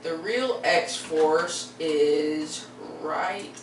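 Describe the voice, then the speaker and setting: A man's voice: fairly high pitch, very slow, far from the mic. A teenage boy hosting a casual vlog, rambling and hesitant, full of fillers and restarts. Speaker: video host. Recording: roomy echo, voice away from the mic, faint background noise.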